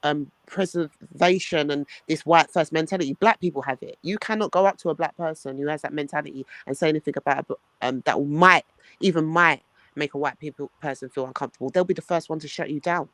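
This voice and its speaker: A man chatting casually on a podcast, telling a story in animated bursts and calling his listener "bro". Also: fairly high pitch, fast talker, dry recording. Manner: animated, calls listener "bro", acts out quoted voices. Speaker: podcast co-host.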